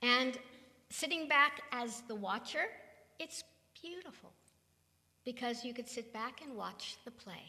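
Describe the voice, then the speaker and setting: A woman's voice: fairly high pitch, expressive, a little slow, bright, forceful tone. Older woman giving a satsang talk, emphatic, long hall echo. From California. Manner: emphatic, rhetorical questions. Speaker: spiritual teacher. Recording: reverberant hall.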